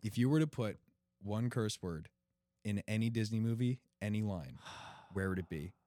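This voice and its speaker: A young man co-hosting a casual podcast chat, laughing often and shouting out movie-line impressions. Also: on the low side, expressive, normal speed, no room sound. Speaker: podcast co-host.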